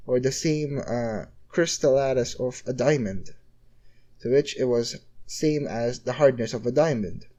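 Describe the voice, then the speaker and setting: Man, casual fan-story narrator, rambling, filler-heavy, mid-pitched. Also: unhurried, dark tone. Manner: rambling, repeats "essentially" constantly.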